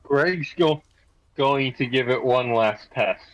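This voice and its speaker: A man's voice: mid-range voice, takes it slowly, rough recording. A man playing a tabletop game, describing his character's actions and arguing points at length. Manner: rambling, argumentative. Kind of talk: casual play and banter.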